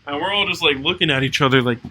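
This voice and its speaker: A young man co-hosting a podcast, chatting casually and telling animated stories with frequent swearing and laughter. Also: fairly high pitch, very fast, poor audio. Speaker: podcast co-host. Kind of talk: casual chat.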